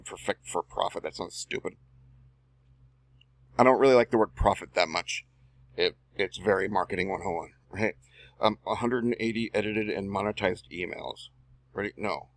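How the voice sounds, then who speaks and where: Gravelly low man talking to himself. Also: no room sound. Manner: muttering and reading copy aloud as he types; self-talking, drawling slangy asides. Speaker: online marketer and video host. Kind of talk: casual screen-recorded tutorial.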